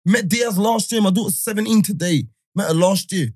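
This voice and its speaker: A man, telling a story in casual podcast chat, animated and full of laughter and slang. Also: sits high, fairly quick, breathy edge, no echo, clean studio sound. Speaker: podcast host.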